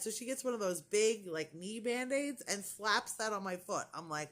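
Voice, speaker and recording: A woman's voice: medium pitch, expressive, moderate pace, few pauses, fairly bright tone. A middle-aged woman vlogger telling a story in casual chat, indignant and chatty, quoting what others said.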